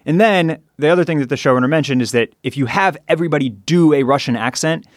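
A man's voice: a little high, fast talker, dry recording. A man co-hosting a podcast in a recording studio, eagerly chiming in with asides and explanations. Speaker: podcast co-host. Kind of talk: casual chat.

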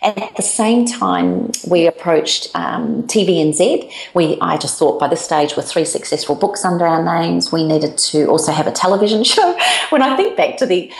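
A woman with a low, gravelly voice tells her founder's story as an interview guest. She talks in an animated way and acts out the lines of the people she quotes. The room around her sounds echoey. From New Zealand.

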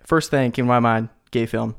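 A man's voice: mid-range voice, steady tone, normal speed, vocal fry, clear, resonant tone. A man in his twenties, a podcast guest, telling a story in a laid-back, slangy way, with lots of "like" and "dude". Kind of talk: casual storytelling.

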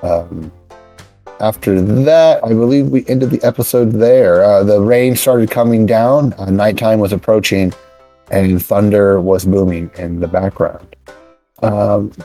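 Male game master, lowish voice, unhurried narration, light music bed. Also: warm tone, poor audio. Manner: unhurried, many "uh" pauses.

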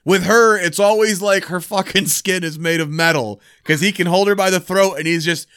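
Man co-host, smooth and fairly high voice, salty humor, dry close mic. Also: a bit bright, no echo. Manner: profane, joking, drawn-out musing. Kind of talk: casual chat about horror films.

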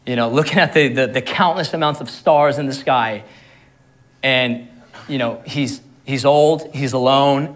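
A man's voice: medium pitch, fairly bright tone. A man preaching a sermon in a conversational way, often repeating words and laughing at his own jokes. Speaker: pastor.

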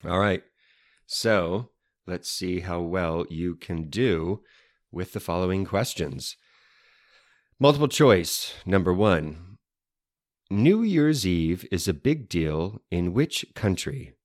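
Deep-voiced man, dry playful co-host. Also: lively intonation, slow, dry recording. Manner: dry, playful, explains history with wordy flourishes. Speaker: podcast co-host. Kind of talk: casual banter with wife.

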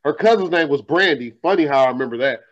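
A man hosting a podcast, telling profane stories in a casual, animated way. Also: fairly high pitch, fast talker, dull audio. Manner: profane, animated storytelling, laughing. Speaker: podcast host. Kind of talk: casual storytelling chat.

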